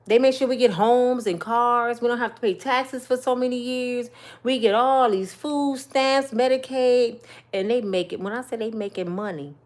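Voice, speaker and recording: A woman, telling stories in a casual monologue, swinging between loud bursts and hushed asides. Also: on the high side. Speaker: commentator.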